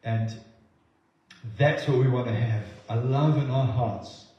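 A man preaching a sermon in an earnest way, often repeating words as he goes and acting out quotes with lively voices. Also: mid-range voice, slow pace. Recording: very echoey, slightly dull sound.

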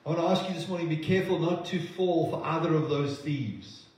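A man preaching a sermon, shifting between forceful declarations and hushed, earnest moments. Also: fairly high pitch, a little fast. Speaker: pastor. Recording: echoey hall recording from a distance.

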